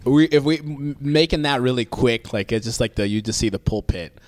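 A man brainstorming comedy ideas in casual chat, halting and restarting often as he acts out bits. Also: mid-range voice, no echo. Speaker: comedy sketch writer.

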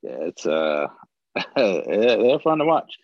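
Lively-pitched co-host on a dull mic. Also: male voice, takes it slowly, no room sound. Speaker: podcast co-host. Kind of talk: casual sports talk.

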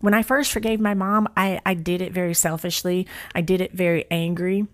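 A woman giving a motivational talk, blunt and emphatic, repeating her key phrases, slowing down to stress her words and swearing casually. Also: fairly low pitch, little pitch movement. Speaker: motivational speaker and author.

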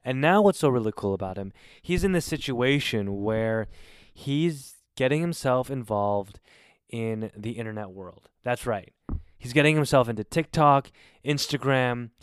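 A man's voice: mid-range voice, expressive, unhurried, clear, resonant tone, no echo, clean studio sound. A man hosting a casual podcast over a video call, rambling and swearing. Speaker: podcast host.

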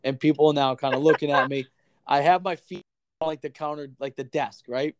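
A man's voice: a little high, brisk, dry recording. A man telling a long story in casual chat, swearing often and acting out the other people in it. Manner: profane, animated storyteller.

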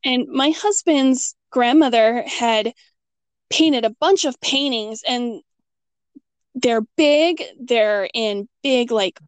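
Animated woman telling a spooky story. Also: slow pace, smooth, no room sound. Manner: animated, acts out quotes with big pitch jumps and laughs. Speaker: guest telling a ghost story. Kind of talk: casual storytelling chat.

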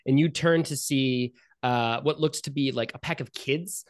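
Guy running a tabletop game, casual rambly narration, lots of likes and uhs, middle pitch. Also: moderate pace. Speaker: game master.

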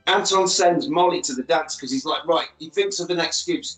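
A man's voice: fairly high pitch, moderate pace, hardly any pauses, a bit bright, echoey room, faint music behind, poor audio. Man retelling a film. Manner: storytelling, acting out characters' lines. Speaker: podcast co-host. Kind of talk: casual film recap.

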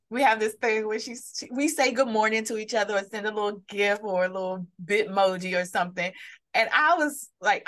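A woman's voice: medium pitch, a bit bright. A woman co-hosting a podcast, chatting casually and acting out quotes as she tells stories. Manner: storytelling, acts out quotes in shifting voices. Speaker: podcast co-host. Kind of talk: casual chat.

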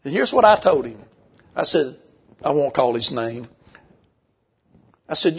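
An older man preaching a sermon, folksy and emphatic, slowing down when he reads scripture. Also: medium pitch, very animated, husky.

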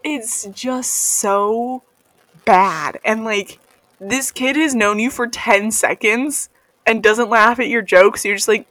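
A woman's voice: a little high, slow pace, fairly bright tone, dry recording. A young woman reading a passage aloud and joking about it in casual chat, giggly and wry. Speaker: co-host reading a novel aloud.

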